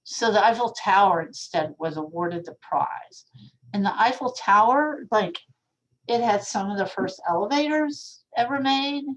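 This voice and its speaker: A young woman talks through an art history lecture in a loose, conversational way. She drifts into small asides and plain fillers. Her pitch sits in an ordinary middle range. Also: measured pace, rough recording. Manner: casual, chatty, with fillers and asides. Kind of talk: recorded classroom lecture.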